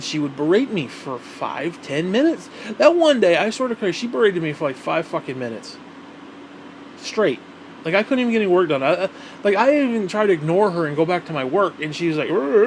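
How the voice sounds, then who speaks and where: A man's voice: sits high, a little hiss or hum. A man ranting to the camera in a rambling, profane monologue, repeating himself as he grows heated. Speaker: vlogger.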